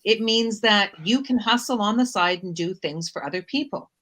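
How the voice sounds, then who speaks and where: Female host, energetic and encouraging, average pitch, chatty. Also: normal speed. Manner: upbeat, exclamatory, motivational. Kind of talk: casual chat.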